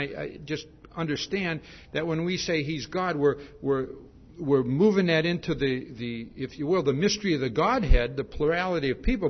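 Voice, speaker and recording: A male preacher with a husky, fairly high voice gives an expository sermon, using frequent "see?" tags, repetitions and restarts. The recording is dull and lo-fi.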